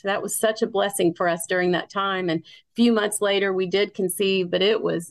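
A woman hosting a podcast over a remote call, chatting casually and telling personal stories. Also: mid-range voice. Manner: warm, personal storytelling with a Southern "you all". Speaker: podcast host.

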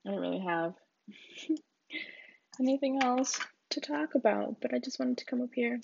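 A woman's voice: a little high, a little mellow, no echo. A young woman rambling in a casual solo chat, giggly and full of fillers, on a dull lo-fi recording. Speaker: podcast host.

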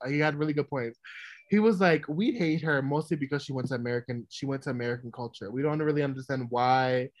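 A woman's voice: low voice, no echo. A woman from New York, a podcast co-host, ranting emphatically and with heavy swearing in casual chat.

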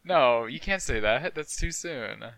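Young man, podcast co-host, lively pitch, joking banter. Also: a little slow, vocal fry, crowd noise. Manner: joking, laughs often. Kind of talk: casual chat.

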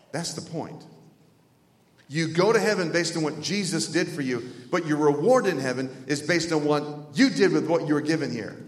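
A man preaching a sermon, telling stories with feeling, from loud exclamations down to hushed near-whispers. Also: on the high side. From North Carolina. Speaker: pastor. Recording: echoey hall with long reverb.

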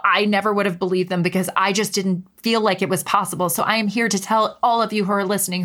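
A woman's voice: medium pitch, fairly bright tone. A woman in her thirties hosting a solo podcast, talking earnestly and passionately, often repeating phrases for emphasis. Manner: earnest, impassioned, emphatic repetition. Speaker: podcast host and life coach.

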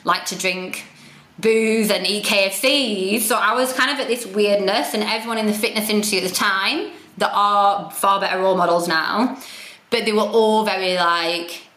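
A woman's voice: medium pitch, fairly even intonation, normal speed, fairly bright tone. A woman, a podcast guest, telling her story candidly, frank and self-deprecating with plenty of swearing. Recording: roomy echo.

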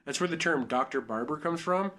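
A man hosting a podcast in casual chat, excitable, joking and swearing a lot. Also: fairly high pitch, a little fast. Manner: excitable, profane, jokey. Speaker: podcast host.

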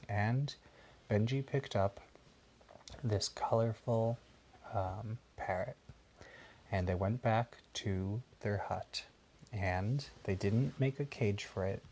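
A man's voice: lowish voice, slow, long pauses, a little mellow, a little hiss or hum. A man patiently improvising a bedtime story for a child and explaining things along the way. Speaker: parent telling a bedtime story.

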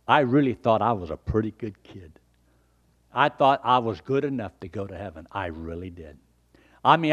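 An older man with a mid-range voice shares his personal conversion story within a sermon. He speaks in an earnest, folksy manner, moving between forceful emphasis and quiet, almost whispered passages.

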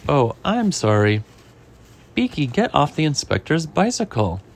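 A man's voice: fairly high pitch, very animated, unhurried, slight background noise. A man voicing a flustered chicken-owner woman. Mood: fretful. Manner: worried, exclaiming.

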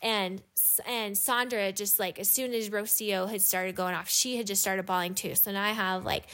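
A woman's voice: mid-range voice, steady tone, sharp tone. A woman in her thirties, an adoptive mother, telling a family story in a rambling, casual way with lots of "like". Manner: rambling, heavy use of "like", quick asides. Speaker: adoptive mother and podcast guest.

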